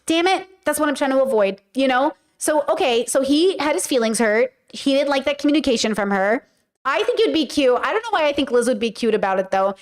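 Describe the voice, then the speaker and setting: Reacting to a clip on her casual commentary podcast, a woman with a high voice chats in a lively way. Every so often she breaks into brief performed lines of dialogue.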